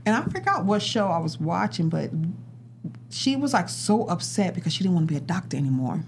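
A woman in her thirties telling slangy, animated stories in a casual group chat. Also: on the low side, fairly quick, vocal fry, slight background noise.

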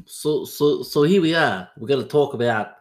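A man's voice: mid-range voice, animated, normal speed, over loud music, voice pushed up, close to an everyday voice. A man putting on a brash Italian American guy. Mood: brash, excited. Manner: loud, stammering, overexcited. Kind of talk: mock accent in a podcast intro.

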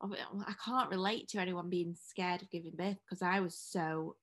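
A woman's voice: lowish voice, steady tone, fairly bright tone. Chatty woman podcast co-host at home. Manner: chatty, rambling, quick to laugh. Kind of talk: casual chat.

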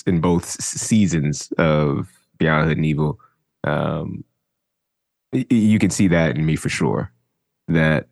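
A man in casual chat as a podcast co-host, talking in a relaxed, reflective way with plenty of slang. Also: sits low, dry recording, studio quality.

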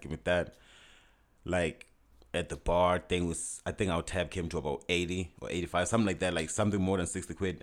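Deep-voiced man telling a story casually. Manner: animated, frequent restarts and quoted dialogue.

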